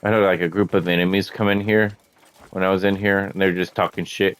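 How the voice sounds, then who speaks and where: A man giving casual, profane commentary while playing a video game, often laughing and getting excited. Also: low voice, fast. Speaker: gamer showing a game.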